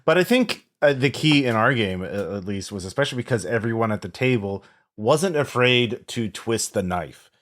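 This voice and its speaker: A man's voice: medium pitch, animated, moderate pace, a bit bright. A man co-hosting a role-playing podcast, talking in a rambling, reflective way with lots of "like" and "you know". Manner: rambling, many fillers and restarts, reflective. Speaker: podcast co-host. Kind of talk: casual chat.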